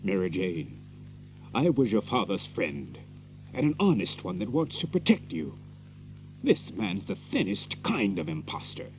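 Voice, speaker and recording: An actor playing a blunt small-town doctor who speaks in a stern, accusing manner. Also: male voice, deep voice, huge pitch swings, measured pace, a little mellow, soft background music, heavily acted, poor audio. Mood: indignant. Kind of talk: radio play acting.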